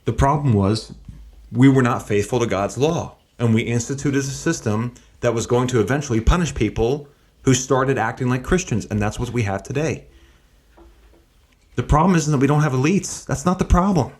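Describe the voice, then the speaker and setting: A male host offers commentary in an emphatic way, pressing his points with a stream of rhetorical questions. His voice sits at an ordinary middle pitch for a man. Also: moderate pace, a little mellow.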